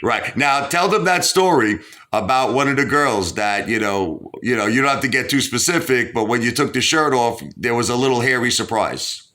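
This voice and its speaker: A man's voice: medium pitch, lively intonation, moderate pace, sharp tone. A man from Brooklyn, hosting a casual interview and rambling with lots of "you know". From Brooklyn, New York. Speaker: host.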